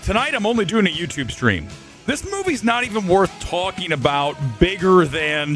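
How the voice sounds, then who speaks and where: A man's voice: high-pitched, big pitch swings, moderate pace, fairly bright tone, soft background music. A man hosting a live movie review stream, ranting furiously and swearing about a film. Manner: furious, swearing, exaggerated outbursts.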